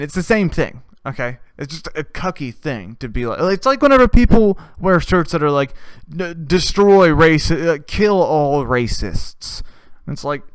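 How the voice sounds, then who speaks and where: A man's voice: mid-range voice, clear, resonant tone, no echo. A young man hosting a podcast, ranting in a crude, profane and sarcastic way with mocking asides. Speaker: podcast host. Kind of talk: crude comedic rant.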